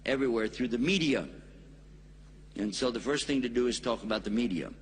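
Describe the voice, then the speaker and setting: A man's voice: medium pitch, a bit bright, breathy edge. A man with an American accent giving a public Islamic lecture, folksy and joking, stressing words for emphasis. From United States. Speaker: Islamic preacher. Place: lecture hall in India.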